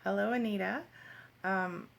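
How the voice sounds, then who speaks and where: A woman's voice: mid-range voice, fairly even intonation, gravelly, a little hiss or hum. A woman hosting a casual livestream from her phone, chatting with viewers, greeting them by name and reading their comments aloud. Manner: laughs easily, talks in quick bursts. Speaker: livestream host. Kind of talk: casual live chat with viewers.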